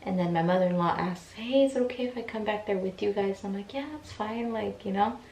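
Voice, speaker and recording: A woman's voice: mid-range voice, fast talker, darkish tone, a little hiss or hum. A woman in her twenties telling a personal story in a casual, emotional way, acting out the voices of the people in it. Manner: chatty, emotional, acts out quoted voices. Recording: echoey room, mic at a distance.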